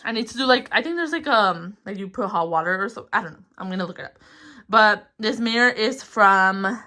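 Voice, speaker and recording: Animated and brisk, a young woman shows off her small bedroom in a loose, wandering vlog tour. Her medium-pitched voice has a sharp edge, she sounds slightly winded, and she keeps giggling and filling silences with ums and likes.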